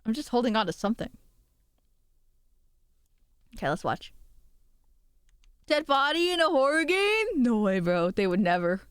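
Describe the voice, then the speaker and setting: A young woman streaming, chatting casually and excitably, swearing often and poking fun at herself. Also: fairly high pitch, moderate pace, long pauses, smooth, no room sound, clean studio sound.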